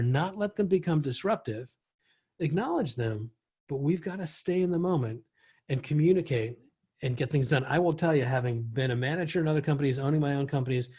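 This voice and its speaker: A man's voice: mid-range voice, darkish tone, slightly rough. A middle-aged man leading an online real estate training session, talking in a conversational way with frequent restarts.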